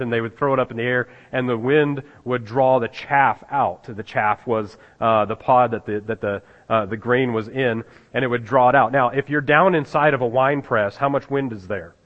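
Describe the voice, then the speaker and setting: A man preaching a conversational sermon as a pastor, pausing often with fillers and restarts, and chuckling at the scripture he reads. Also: medium pitch. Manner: halting, many fillers and restarts, chuckles at the text. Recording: dull sound in a reverberant hall.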